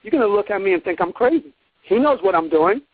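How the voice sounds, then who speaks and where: High-voiced man lecturing over a phone line. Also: animated, quick pace, husky, no room sound. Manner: emphatic, lecturing, acts out courtroom quotes. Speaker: guest teacher on a call-in program. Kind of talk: call-in lecture. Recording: tinny dry phone line.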